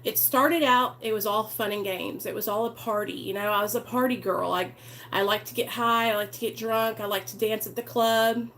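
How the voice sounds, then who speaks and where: Hosting her recovery channel's live stream, a woman with a mid-range, fairly bright voice talks at a normal pace with fairly even intonation, and there's slight background noise. She chats earnestly and casually, welcoming her viewers by name.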